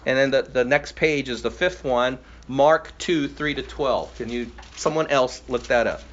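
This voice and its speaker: A man's voice: medium pitch, unhurried, a bit bright. A man teaching a group Bible study, prompting readers and asking questions, who affirms their answers. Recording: slightly muffled with faint hiss.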